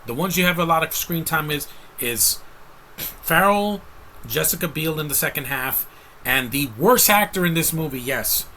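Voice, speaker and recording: A man's voice: on the high side, sharp tone, a little hiss or hum, poor audio. A man giving a casual, rambling movie review rant, blunt and exasperated, with frequent restarts.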